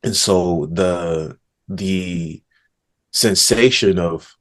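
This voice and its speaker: A man with a very low voice talks slowly and calmly as a podcast guest. He is reflective and often murmurs before answering. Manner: slow, thoughtful, murmurs "hmm" before answering. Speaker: author and negotiation coach, podcast guest.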